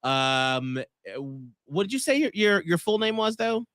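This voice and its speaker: A man's voice: high voice, very animated, a little slow, a bit bright, clear, resonant tone, no echo. A man hosting a podcast, bubbly and playful, speaking into a studio microphone. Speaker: podcast host. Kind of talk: casual chat.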